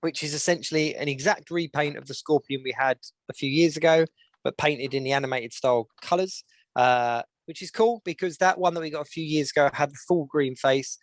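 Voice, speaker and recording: A man runs through the week's news in relaxed podcast chat, pausing often on "um". His voice sits a bit high. The sound is dry and close. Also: no echo. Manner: chatty, with many "um"s and recaps. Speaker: podcast co-host. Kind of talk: casual chat.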